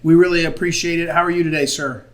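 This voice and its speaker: Halting higher-voiced male interviewer. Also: fairly even intonation. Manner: halting, many fillers and restarts. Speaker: interviewer for a conservative group. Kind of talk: casual video interview.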